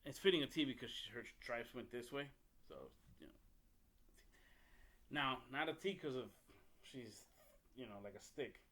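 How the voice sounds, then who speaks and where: A man's voice: medium pitch, normal speed, pauses often, fairly bright tone. A man hosting a podcast, telling a story in a blunt, profane, rambling way with frequent restarts. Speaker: podcast host. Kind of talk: casual storytelling monologue.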